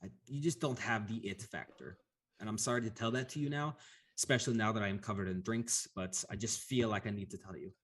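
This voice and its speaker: A man's voice: fairly low pitch, fast talker, fairly bright tone, husky. A man voicing a haughty woman who travels with devils, blunt and dismissive in a tabletop game. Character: haughty female guest with devil entourage.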